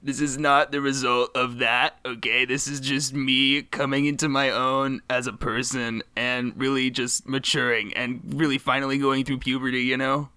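A man co-hosting a casual podcast, talking in a deadpan, mock-serious way. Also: mid-range voice, normal speed, few pauses, clean tone, no room sound. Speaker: podcast co-host. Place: small wooden room at home.

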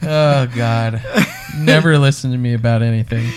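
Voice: mid-range voice, fairly even intonation, moderate pace. A podcast host in casual comedic chat, self-mocking and swearing between frequent laughs. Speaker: movie review podcast host.

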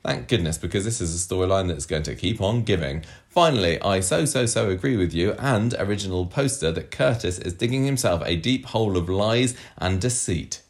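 Joking and upbeat, this male podcast co-host reads out listener feedback during a laid-back chat. He speaks with a low pitch, fairly quickly, and barely pauses.

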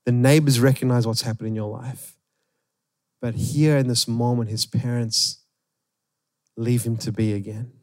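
A man preaching a sermon, retelling a story with animated emphasis. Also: medium pitch, measured pace, pauses often, no echo, clean studio sound. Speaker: pastor.

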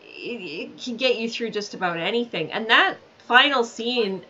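A woman's voice: fairly high pitch, lively intonation, moderate pace, bright, forceful tone, breathy edge. A woman interviewing a guest in a casual chat, asking curious, friendly questions. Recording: dull lo-fi with faint background noise.

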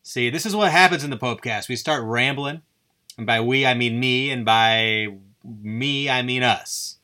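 A man's voice: medium pitch, a little slow, sharp tone. A man hosting his own podcast, rambling through a goofy, self-deprecating solo monologue. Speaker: podcast host.

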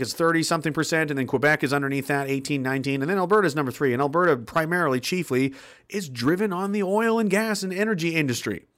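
A man's voice: high voice, sharp tone. A man giving an angry, sarcastic political rant on a livestream, swearing often and mocking others in quoted asides. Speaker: political commentary streamer. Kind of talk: ranting livestream commentary.

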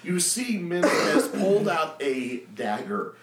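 A man's voice: fairly high pitch, very animated, slow, fairly bright tone, roomy sound, far from the mic, a little hiss or hum. A man narrating playfully as the game master of a tabletop game.

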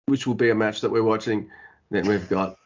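Male co-host, lowish voice, relaxed, muffled lo-fi audio. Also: a little fast. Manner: easygoing, laughs often, reads through lists. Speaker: podcast co-host. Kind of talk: casual wrestling chat.

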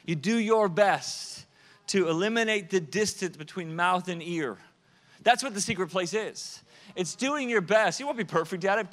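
A man's voice: a little high, fairly bright tone. A man preaching a sermon, emphatic, shifting his pace and volume for effect and repeating words as he builds a point. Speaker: pastor.

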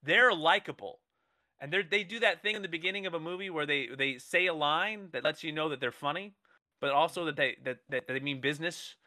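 A man co-hosting a comedy show, pitching an improvised action movie in a rambling, playful way, often restarting his sentences. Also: bright, forceful tone. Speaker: comedy podcast co-host.

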